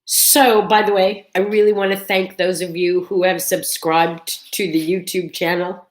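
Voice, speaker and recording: A woman's voice: on the low side, level tone, measured pace. A middle-aged woman hosting her own vlog, talking to viewers in a chatty, upbeat way and often restarting her phrases. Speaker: vlog host. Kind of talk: casual chat to camera.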